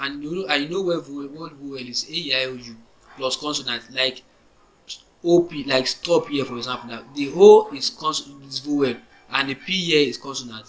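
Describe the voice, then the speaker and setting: A man's voice: mid-range voice, bright, forceful tone, low-quality recording. A man teaching an English grammar lesson, spelling words out letter by letter, often restarting and checking with "you understand?". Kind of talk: explaining grammar on a whiteboard.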